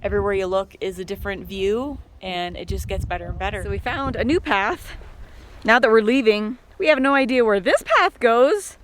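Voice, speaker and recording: A woman's voice: mid-range voice, lively intonation, normal speed, slight background noise. A woman travel vlogger narrating casually on a hike, chatty and laughing easily. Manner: chatty, laughs often, enthusiastic. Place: outdoors on a hike, then in town.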